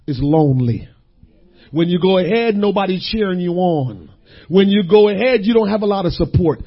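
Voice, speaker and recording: A man preaching a sermon, dropping to a hush and then rising to shouts, repeating phrases for weight. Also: fairly high pitch, slightly rough, muffled recording. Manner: swings between hushed and shouting, repeats phrases.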